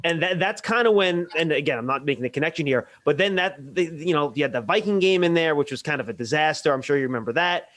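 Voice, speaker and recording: A man hosts the interview, asking his questions in a chatty, lively way. His voice sits high for a man. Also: quick pace, hardly any pauses. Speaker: interviewer, team show host. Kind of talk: casual interview talk.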